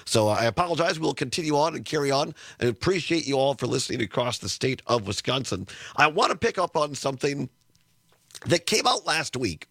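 Gravelly, congested talk radio host. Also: male voice, medium pitch, animated, brisk, fairly bright tone, no room sound, clean studio sound. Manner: rambling, sarcastic, with restarts. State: congested from sinus trouble. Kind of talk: political talk radio monologue.

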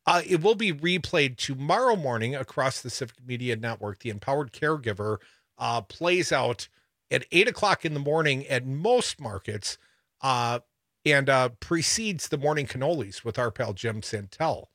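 A man's voice: medium pitch, animated, moderate pace, fairly bright tone, no echo, studio quality. A man hosting a radio talk show, bantering and playfully ribbing a regular caller. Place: radio studio.

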